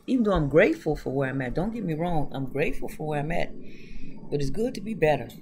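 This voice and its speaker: A woman's voice: low-pitched, big pitch swings, quick pace, darkish tone, slight background noise. A woman reading tarot on her own channel, chatting loosely and talking straight to her viewers with frequent laughs. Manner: laughs often. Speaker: tarot reader. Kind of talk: casual tarot reading vlog.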